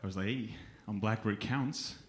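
A young man from Lithuania with a Lithuanian accent, performing a stand-up comedy set in a deadpan storytelling manner on a club stage. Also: on the low side, normal speed, reverberant. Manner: deadpan storytelling, acts out quoted people.

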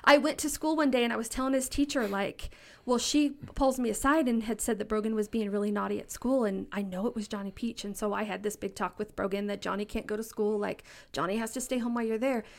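A woman in her thirties tells stories on a podcast mic, animated and laughing. Her voice sits fairly high, and she slips into the voices of her characters as she goes. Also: fast talker. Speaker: podcast guest storyteller. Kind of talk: casual storytelling. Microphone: podcast studio mic.

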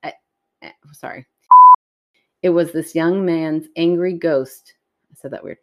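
Slow, giggly woman co-host. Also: low voice, warm tone. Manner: giggly, encouraging. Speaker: podcast co-host. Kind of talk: casual chat.

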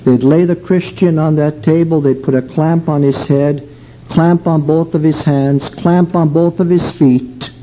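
An older man giving an earnest, emotional sermon testimony, telling a story slowly. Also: on the high side, steady tone, mellow. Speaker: preacher. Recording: dull lo-fi recording with faint background noise.

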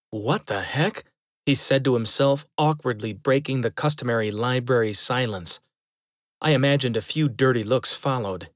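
A man telling a first-person eerie story in a measured, steady way, slowing down at tense moments. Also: mid-range voice, no echo, studio quality.

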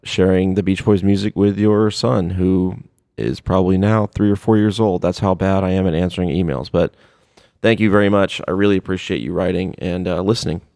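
A man hosting a podcast, casually reading out listener emails and chatting about them with relaxed fillers. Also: sits low, a little fast, no room sound, studio quality. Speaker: podcast host.

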